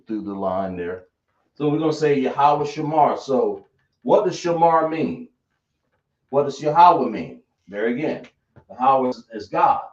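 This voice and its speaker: A man teaching a class, slowly spelling out sounds and quizzing his students. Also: mid-range voice. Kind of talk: classroom lesson. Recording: roomy, dull lo-fi sound.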